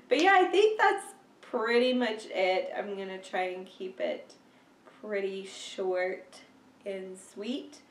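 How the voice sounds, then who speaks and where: A young woman talks through a casual vlog update, slow and unhurried, laughing often between filler words. Her voice is stuffy from a cold, and she sits a bit back from the mic in a roomy, echoey space. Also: on the high side, lively intonation, far from the mic. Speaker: vlogger.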